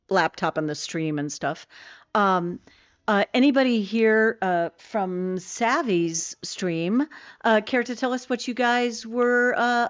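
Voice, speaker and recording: A woman's voice: mid-range voice, no echo, highs cut off. A middle-aged woman streaming a game, chatting casually with viewers in a rambling way full of fillers and self-corrections.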